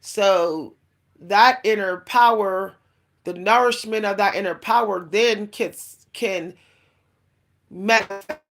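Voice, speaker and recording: A woman's voice: mid-range voice, takes it slowly, fairly bright tone. A woman vlogger giving a casual spiritual monologue, rambling with many fillers and restarts, laughing now and then and speaking straight to her listeners. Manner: confiding, addresses listeners directly.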